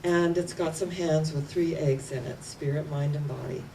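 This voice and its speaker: An older woman minister delivers an emphatic sermon, driving her points home by repeating words with rising and falling force. Her voice sits slightly low. She is picked up by a distant mic, with faint noise underneath. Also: fairly even intonation, normal speed, warm tone. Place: church platform.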